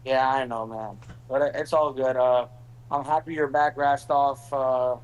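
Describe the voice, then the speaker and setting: A man's voice: mid-range voice, fairly even intonation, measured pace, low-quality recording. A man chatting as a show guest, rambling with lots of fillers. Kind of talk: casual chat.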